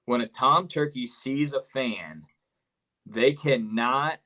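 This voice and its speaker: A man chats on a podcast in a candid, plain-spoken way, with an everyday voice at a middle pitch. He talks openly about his own views. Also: slow pace, bright, forceful tone, poor audio. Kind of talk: casual podcast chat.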